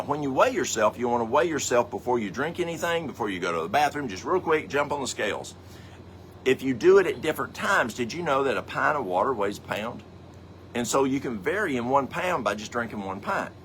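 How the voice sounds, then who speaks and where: A man's voice: mid-range voice, fairly bright tone. A man hosting a health lesson: folksy, rambling talker, middle-aged, mid-range voice, a faint hiss behind him. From American South. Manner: folksy, rambling, with asides and acted-out anecdotes. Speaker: health program host. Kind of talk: casual teaching talk.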